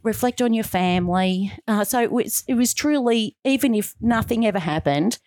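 A woman's voice: a little high, moderate pace, no echo, studio quality. A middle-aged woman being interviewed as a guest, telling her story in an earnest, heartfelt way and acting out the dialogue she quotes. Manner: animated, acts out quoted dialogue.

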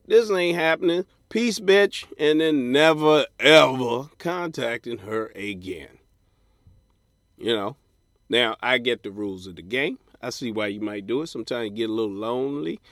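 A man's voice: mid-range voice, fairly bright tone, no room sound, studio quality. A man hosting a podcast, giving blunt, profane dating advice in a comedic solo rant and mocking people in put-on voices. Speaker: podcast host.

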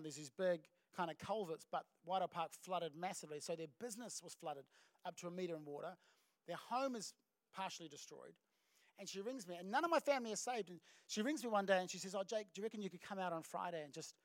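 A middle-aged man with a New Zealand accent, a pastor preaching a sermon in an animated storytelling way. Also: high voice, no room sound. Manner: animated storytelling with acted voices and laughs. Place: church stage.

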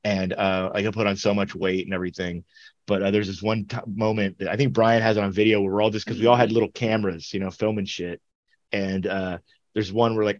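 A man's voice: on the low side, dry recording, dull audio. Rambling, swearing man telling stories. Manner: rambling, profane storytelling with laughs. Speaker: podcast co-host. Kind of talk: casual chat.

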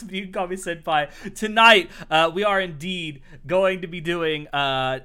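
A man's voice: fairly high pitch, bright, forceful tone. A man hosting a podcast, opening the show in a casual, joking way. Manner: jokey, upbeat show intro. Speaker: podcast host.

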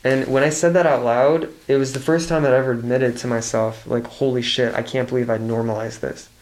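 A man's voice: medium pitch, steady tone, brisk. Podcast guest, man in his twenties, candid, rambling, lots of restarts. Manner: rambling, swears freely, many restarts. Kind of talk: candid casual conversation.

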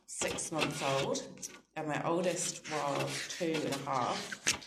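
A woman in her thirties, a guest in an interview, telling personal faith stories in a thoughtful, soft-spoken way and laughing readily at herself. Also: low-pitched, takes it slowly, gravelly, heavy background noise. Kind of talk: reflective personal storytelling on faith. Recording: roomy echoey sound.

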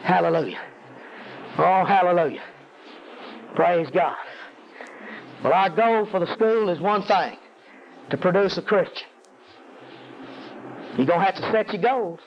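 A man preaching a sermon, calling out to the congregation and climbing to high, intense peaks. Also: unhurried, pauses often, slight background noise. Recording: dull lo-fi audio.

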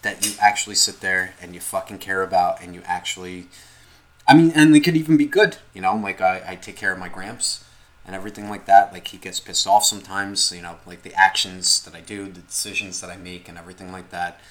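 Rambling, profane man, low voice. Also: a little fast, poor audio. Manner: profane, rambling, animated storytelling. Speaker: podcast co-host. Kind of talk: casual chat.

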